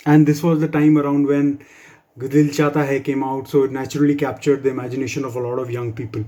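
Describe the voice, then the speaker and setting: A man's voice: medium pitch, little pitch movement, fast, mellow. A man performing a stand-up comedy set for office colleagues, with wry, dry humor and asides. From India.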